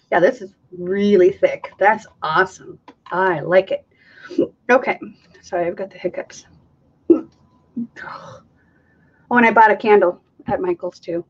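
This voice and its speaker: In a medium-pitched voice, an acrylic pouring artist hosts a live craft demonstration, chatting casually and thinking out loud as she mixes and counts. The recording has its highs cut off.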